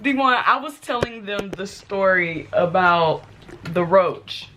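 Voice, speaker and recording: At a medium pitch and an unhurried pace, a forty-something woman from Texas spins a casual story for her vlog, full of laughs and shrieked reenactments. She's at home in an apartment, and there's slight noise in the background.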